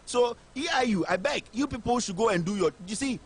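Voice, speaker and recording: A man's voice: very high voice, lively intonation, brisk, slightly rough. A man with a Ghanaian English accent giving impassioned, indignant political commentary as a show host. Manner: indignant, rhetorical, fiery.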